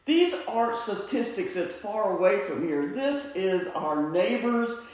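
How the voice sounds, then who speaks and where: A man's voice: high-pitched, big pitch swings. A middle-aged man giving an earnest, heartfelt personal testimony at a suicide awareness event. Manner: earnest, slow, heartfelt storytelling. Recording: echoey hall, mic far off.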